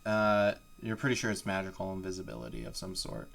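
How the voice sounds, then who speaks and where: A man's voice: sits low, big pitch swings, brisk, creaky, a bit bright. A man running a live tabletop game as game master, narrating in a casual, rambling way full of fillers.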